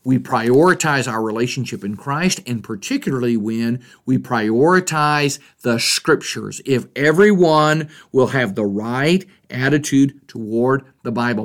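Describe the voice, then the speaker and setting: A man's voice: medium pitch, expressive, a little slow, few pauses. A middle-aged man hosting a Bible study podcast, explaining verses in an earnest, teacherly way and acting out quoted voices.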